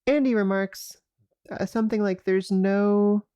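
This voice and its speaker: A woman co-hosting a podcast in casual chat, upbeat and quick to laugh and agree. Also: mid-range voice, fairly even intonation, dark tone, smooth, no echo, studio quality. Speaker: podcast co-host.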